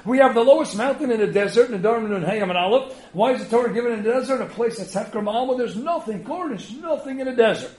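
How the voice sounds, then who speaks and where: A man's voice: extremely high pitch, animated, fast talker, hardly any pauses. A man giving a spirited Torah lecture, emphatic, posing rhetorical questions and answering them himself. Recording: roomy echo.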